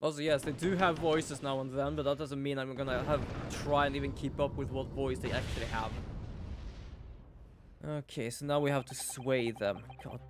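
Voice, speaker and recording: A man's voice: medium pitch, level tone, normal speed. A young man casually commenting on his gameplay while streaming, chatty, rambling and self-deprecating.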